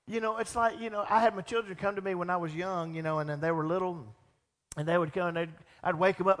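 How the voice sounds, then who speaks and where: A middle-aged male pastor delivers a lively sermon, slipping into the voices of the people he quotes. His voice sits high for a man. The sound carries a long reverb, as in a large church sanctuary. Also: fast. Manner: animated, acts out quoted voices.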